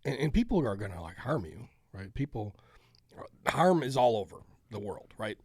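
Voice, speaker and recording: A man's voice: lowish voice, sing-song, normal speed, darkish tone, breathy edge, no room sound, clean studio sound. A man co-hosting a podcast in casual chat who reflects aloud in a hesitant, musing way. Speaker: podcast co-host.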